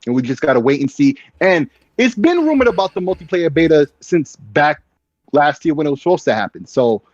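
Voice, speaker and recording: A man with a higher voice co-hosting a gaming podcast, giving his opinions at length with many "you know"s. His mic sounds dull and muffled, with no room sound around him. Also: sing-song, brisk, no room sound. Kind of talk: casual gaming podcast chat.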